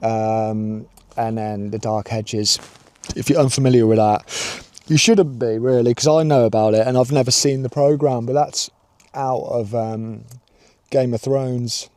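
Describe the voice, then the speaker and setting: A man chatting to the camera on a road-trip travel vlog, excitable and rambling, outdoors by his van. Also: mid-range voice, a little slow, dry recording. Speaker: vlogger.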